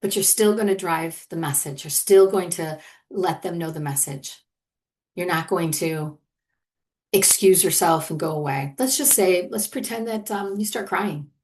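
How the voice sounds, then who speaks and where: A middle-aged woman with a fairly low voice coaches listeners on leadership in a loose, conversational monologue. She is earnest and encouraging and keeps checking in with a quick "right?" as she goes. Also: a little mellow, a little hiss or hum. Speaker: leadership coach and podcast host.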